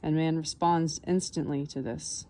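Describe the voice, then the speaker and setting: A woman reading the part of a soft-spoken, patient old man in an audiobook, explaining things calmly. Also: low-pitched, slight background noise. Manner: calm, unhurried explaining.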